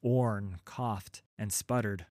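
A man's voice: fairly low pitch, steady tone, slow, a little mellow, no room sound, studio quality. Wry man reading a children's story. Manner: wry, playful asides to listeners.

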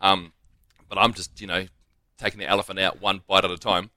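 Brief: New Zealand male guest, earnest and heartfelt, low pitch, sharp tone, dry sound. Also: flat delivery, fairly quick, no room sound. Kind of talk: radio interview.

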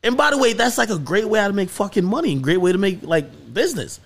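A man hosts a casual podcast, telling a story fast and animatedly, swearing freely. His voice is a little higher than most men's and swoops widely in pitch, climbing to excited peaks.

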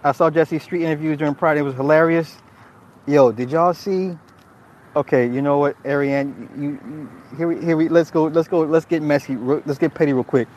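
Man streamer, casual reaction chat, slightly high voice, swears a lot, laughs often, keeps restarting his sentences. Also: moderate pace, a little mellow. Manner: frequent restarts and repeated words. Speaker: streamer reacting to viewer comments. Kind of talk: casual livestream commentary.

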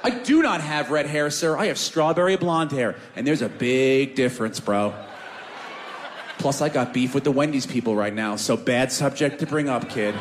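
A man telling a comic story on a podcast in an animated, profane, self-mocking way. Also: mid-range voice, moderate pace, long reverb tail, noisy background.

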